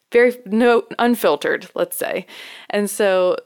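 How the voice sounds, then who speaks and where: A woman's voice: medium pitch, slow, clear, resonant tone. A woman in her thirties from New York, a midwife co-hosting a podcast, telling candid stories in casual chat and laughing often. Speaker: co-host, midwife.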